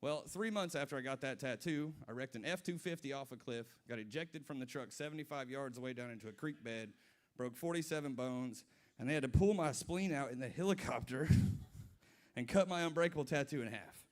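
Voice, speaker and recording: At a brewery comedy stage, a stand-up comedian in his twenties speaks at medium pitch and a little fast. His set is made up of loose, profane stories and asides to the crowd.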